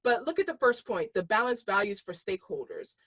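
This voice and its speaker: A woman's voice: medium pitch, very animated, brisk, a bit bright. Chatty woman giving an online keynote. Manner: conversational, many fillers and restarts. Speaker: keynote speaker.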